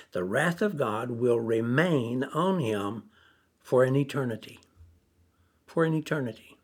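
A man preaching a sermon, slow and deliberate, repeating phrases for emphasis. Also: medium pitch, breathy edge.

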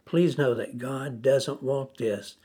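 A male preacher delivers a sermon at an unhurried, deliberate pace. His voice is slightly husky, his pitch sits in the middle, and he repeats key phrases to drive them home. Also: fairly even intonation, dark tone.

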